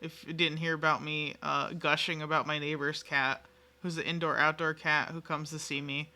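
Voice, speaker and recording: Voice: medium pitch, flat delivery, normal speed, sharp tone. A game streamer in a casual live-stream chat with viewers, rambling and self-mocking, giggling often and swearing freely.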